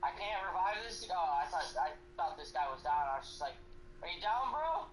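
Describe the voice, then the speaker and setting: A tired young man who just woke up, co-hosting a casual gaming podcast, halting and swearing casually. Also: on the high side. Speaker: podcast co-host. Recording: echoey room with faint noise.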